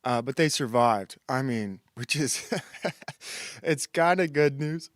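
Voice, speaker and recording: A man's voice: medium pitch, slow pace, no room sound, clean studio sound. A man hosting a comedy commentary show, ranting in a crude, sarcastic and rambling way, laughing and putting on mock voices. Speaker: host.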